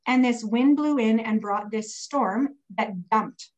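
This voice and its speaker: A woman recounting a personal faith story in a casual, heartfelt way. She is getting over pneumonia and speaks in a slightly high voice, stopping often on fillers as the feeling builds. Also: slow pace, poor audio. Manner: earnest, emotional storytelling with many fillers. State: recovering from pneumonia. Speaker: guest telling a personal story. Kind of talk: casual testimony.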